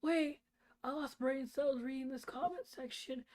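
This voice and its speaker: A woman's voice: sits high, steady tone, unhurried, a little mellow. A woman streamer reacting to a video with sarcastic, mocking commentary.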